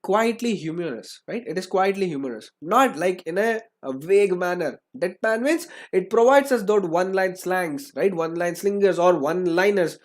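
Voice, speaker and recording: A man's voice: high-pitched, lively intonation, moderate pace, hardly any pauses. A young man, teaching an online lecture, repeating phrases and asking "right?" after nearly every sentence. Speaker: English teacher.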